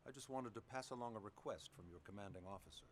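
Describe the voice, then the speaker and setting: A man's voice: on the low side, fast talker, a little hiss or hum, lightly acted. An actor playing a polite, persuasive male official in a video game who coaxes people into agreeing. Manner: polite, coaxing, quietly manipulative. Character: smooth-talking male official, persuasive and sly.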